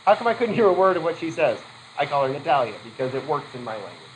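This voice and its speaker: A man's voice: on the high side, very animated, quick pace, slight background noise, low-quality recording. A man teaching a psychology class in a loose, conversational lecture, quizzing students with questions and adding casual asides. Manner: loose, self-correcting delivery with asides.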